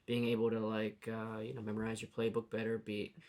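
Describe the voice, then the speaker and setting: A man's voice: on the low side, monotone, a little fast, a little mellow. A man from New York co-hosting a podcast, talking in a loose, rambling way and laughing often. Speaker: podcast co-host. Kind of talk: casual chat.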